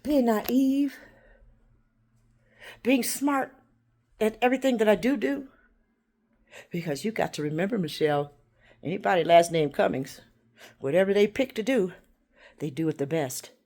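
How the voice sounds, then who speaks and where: A woman vlogging a rambling, confrontational monologue, swinging between loud outbursts and hushed whispers. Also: medium pitch, measured pace, long pauses. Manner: confrontational, addresses unseen listeners.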